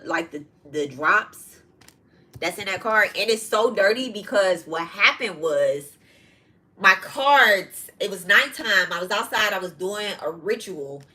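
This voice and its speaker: A woman's voice: medium pitch, pushed and bright, low-quality recording. A middle-aged woman hosting a podcast, telling a personal story in a frank, profane, casual way and breaking off to address viewers. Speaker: podcast host.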